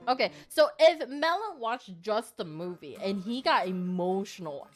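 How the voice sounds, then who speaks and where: A woman's voice: mid-range voice, expressive, unhurried, soft background music. A woman co-hosting a casual podcast chat, rambling with many fillers and laughing often. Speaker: podcast co-host.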